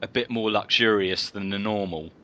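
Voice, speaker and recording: A man's voice: on the low side, moderate pace, bright, forceful tone, lo-fi sound, slight background noise. A man co-hosting a comedy podcast, telling rambling stories in casual chat with lots of fillers and restarts. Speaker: podcast co-host.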